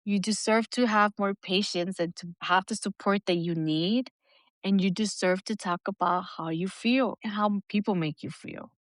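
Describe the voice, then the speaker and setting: A woman co-hosting a podcast, talking candidly and with lots of swearing, lively when she mimics other people. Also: medium pitch, moderate pace, no room sound, studio quality. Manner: candid, profane, animated when quoting others. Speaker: podcast co-host. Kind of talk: casual podcast chat.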